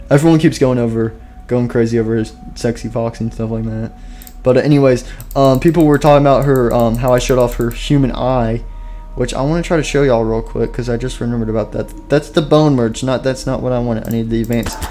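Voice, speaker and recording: A man's voice: mid-range voice, steady tone, fairly quick, warm tone. A man giving casual gameplay commentary at his computer, rambling with many fillers and sounding tired and out of breath. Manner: rambling, filler-heavy, self-deprecating. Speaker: gaming YouTuber.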